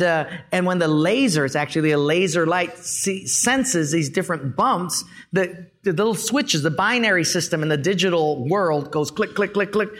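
Lively, bright-voiced man preaching. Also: high-pitched. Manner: animated, folksy storytelling. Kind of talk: sermon with a told joke.

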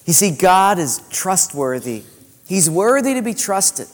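A male pastor preaching fervently, swinging between loud and hushed and slowing on key words. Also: high voice, sing-song. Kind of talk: sermon. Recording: long church-hall reverb.

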